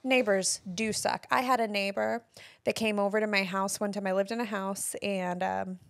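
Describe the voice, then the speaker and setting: A woman hosting a casual podcast chat, telling stories in an animated way, laughing often and acting out what people said. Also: mid-range voice, moderate pace, creaky. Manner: animated storyteller, laughs often, acts out quotes. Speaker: podcast host.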